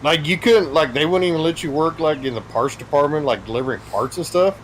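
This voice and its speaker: A man's voice: on the high side, quick pace, a little hiss or hum, rough recording. A man hosting a gaming stream, chatting casually with friends, blunt and swearing freely as he argues. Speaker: streamer, host.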